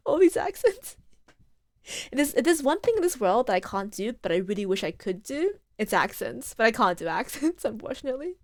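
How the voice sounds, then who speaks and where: A woman's voice: a little high, big pitch swings, normal speed, slight background noise. A woman streaming a game, chatting casually and rambling between laughs. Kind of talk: casual gameplay commentary.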